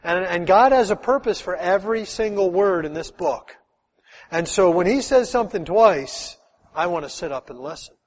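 A middle-aged pastor preaches with a high, lifted voice, tossing rhetorical questions at his congregation in an easy, animated way. His words ring out with the long reverb of a large church hall. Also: normal speed. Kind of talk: sermon.

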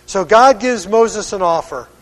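A man preaching a sermon, reading old-style scripture slowly and then playfully voicing the people in it, chuckling now and then. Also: high-pitched, in a large hall.

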